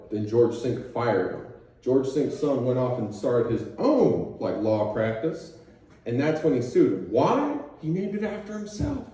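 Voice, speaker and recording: A man's voice: medium pitch, darkish tone. A man doing a stand-up comedy set, talking loosely and crudely, often tossing "okay?" at the crowd. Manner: loose, crude, conversational with frequent "okay?" asides. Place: comedy club stage. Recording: roomy club sound from a distance, crowd reacting. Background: audience laughter.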